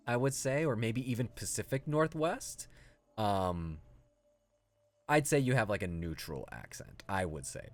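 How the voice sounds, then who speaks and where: A man streaming a video game, chatting casually and answering his chat as he plays. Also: mid-range voice. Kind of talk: casual gameplay commentary.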